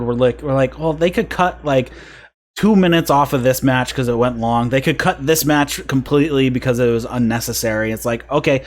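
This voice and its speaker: A man hosting a podcast, casually recapping wrestling events at length and chuckling at the funny bits. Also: mid-range voice. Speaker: podcast host. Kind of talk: casual wrestling review chat.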